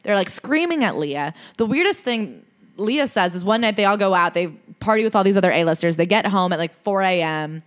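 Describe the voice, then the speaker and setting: Woman podcast host, casual recap, animated, drops swear words, mid-range voice. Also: medium pitch, fairly quick. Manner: animated storytelling with acted-out quotes, casual swearing. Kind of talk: casual chat, book recap.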